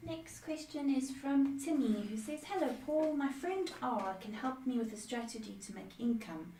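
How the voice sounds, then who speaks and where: A woman's voice: sits high, moderate pace, dark tone. A woman co-host reading viewers' questions aloud. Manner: reads out questions. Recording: distant echoey mic, faint noise.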